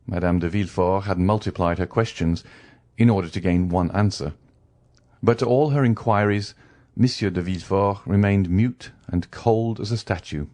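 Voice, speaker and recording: A man narrating a classic novel as an audiobook, reading in a measured way. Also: deep voice, darkish tone. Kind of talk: scripted narration.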